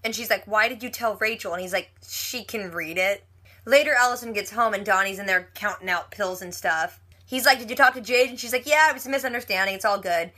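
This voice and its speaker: A woman giving a casual TV episode recap, chatty and retelling scenes with quick quoted lines. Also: mid-range voice, sharp tone. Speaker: TV recap vlogger.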